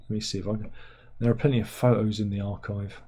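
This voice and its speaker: A man's voice: on the low side, flat delivery, quick pace, mellow, slight background noise. A middle-aged man, hosting a casual livestream, rambling on and reading out viewer comments. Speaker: livestream host.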